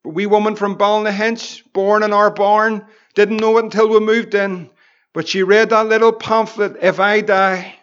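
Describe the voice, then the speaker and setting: A Northern Irish man, a pastor, preaching a Bible study with fervent exclamations and slow, emphatic repetitions. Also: sits high, little pitch movement, a bit bright, clean tone, dull audio.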